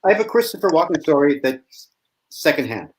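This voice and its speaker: A man with a slightly raised pitch tells a secondhand anecdote on a video call. His delivery is dry and halting, full of pauses and "uh"s, and he saves the punchline for last. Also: sing-song, poor audio. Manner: dry, halting storyteller with many fillers. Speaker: improv comedian. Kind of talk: casual video-call chat.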